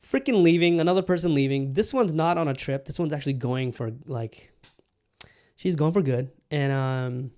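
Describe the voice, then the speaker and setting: A man's voice: on the high side, moderate pace, darkish tone. A man hosting his own podcast, chatting casually and rambling with lots of fillers and casual swearing. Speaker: podcast host. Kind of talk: casual solo podcast chat.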